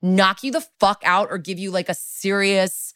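A woman's voice: medium pitch, fairly even intonation, normal speed, a bit bright, dry recording. A woman co-hosting a podcast, recapping a TV episode in a chatty way with lots of "like". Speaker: podcast co-host. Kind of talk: casual recap chat.

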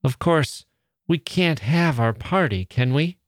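A man's voice: fairly high pitch, animated, takes it slowly, no room sound, studio quality, pitched above the performer's own voice. A man reading aloud, voicing an anxious, tender-hearted young woman who pleads earnestly. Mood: pleading.

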